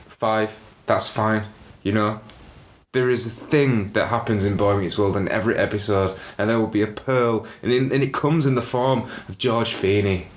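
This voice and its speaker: A man's voice: lowish voice, steady tone, moderate pace, reverberant. A man co-hosting a podcast, speaking with earnest, mock-solemn praise. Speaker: podcast co-host. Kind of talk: casual chat.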